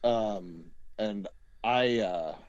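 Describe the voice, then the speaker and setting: A man's voice: fairly low pitch, extremely slow, smooth, no room sound, dull audio. A man casually telling a long story as an interview guest, rambling with many fillers and acting out quotes.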